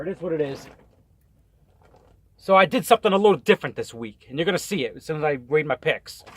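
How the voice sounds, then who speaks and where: Guy cussing thru his football picks, kinda high voice, dry sound. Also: a bit bright, no room sound. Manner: profane, rambling, trips over words. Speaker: vlogger giving weekly football picks. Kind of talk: casual rant. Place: in a truck on the road.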